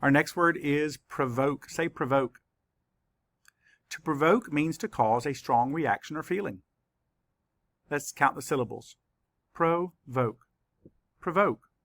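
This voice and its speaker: A man teaching a spelling lesson to children, saying words slowly and spelling them out letter by letter. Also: on the high side, fairly bright tone, dry recording. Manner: slow, careful letter-by-letter spelling.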